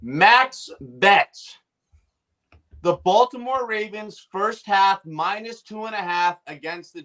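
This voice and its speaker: Hosting a sports betting podcast, a man delivers a brash rant, cocky and punchy, rattling off his picks with catchphrases. His voice is a little high and a bit bright.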